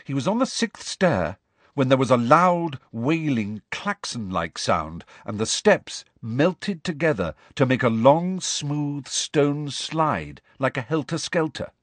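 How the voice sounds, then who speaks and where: Husky-voiced male audiobook narrator. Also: medium pitch, slow pace, dry recording. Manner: expressive storytelling. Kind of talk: scripted narration.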